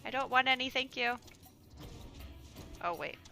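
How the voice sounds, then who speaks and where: A woman's voice: high voice, measured pace, gravelly, sharp tone, faint music behind. Chatty young woman streamer. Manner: chatty, giggly, exclamatory. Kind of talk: casual gameplay commentary.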